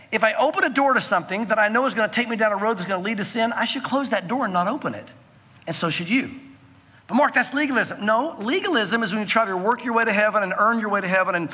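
A man preaching a sermon from the pulpit, earnest and emphatic, slowing down to stress key phrases. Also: extremely high pitch, bright, forceful tone, breathy edge, big-room sound. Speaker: pastor.

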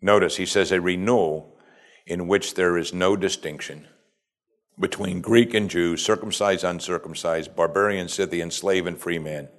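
A man's voice: deep voice, steady tone, normal speed. A man preaching a sermon as pastor, building to emphatic call-and-response and acting out quoted voices.

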